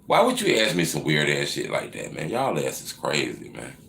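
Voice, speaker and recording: A man in his thirties hosting a casual live Q&A, answering viewer questions with profane, teasing banter that swings into loud mocking rants. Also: rumbling low, huge pitch swings, moderate pace, vocal fry, reverberant, slight background noise. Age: 30s.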